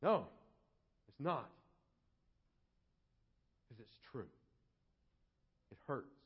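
A male pastor preaching a sermon, animated and acting out quoted voices. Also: medium pitch, very slow, slightly rough, long reverb tail. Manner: animated, acts out quoted voices and shouts for effect. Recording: dull lo-fi sermon audio.

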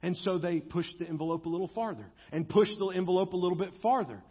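A male pastor preaches, swelling and easing in intensity. His voice sits fairly high and has a husky edge. The dull recording carries a long reverb from the church hall. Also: fast talker. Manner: preaching with rising and falling intensity, acting out quotes. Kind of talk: sermon.

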